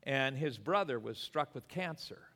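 A man's voice: medium pitch, expressive, unhurried, pushed and bright, big-room sound. A man pastor preaching a sermon in earnest, repeating words for emphasis.

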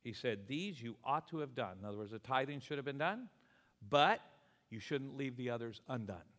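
A man's voice: mid-range voice, moderate pace. A man preaches to his congregation, moving easily between scripture and personal stories and acting out the people in them. His voice sits in the middle range and carries the long reverb of a church hall. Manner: animated storytelling preacher, voices people in anecdotes. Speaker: pastor. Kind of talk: sermon. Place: church sanctuary.

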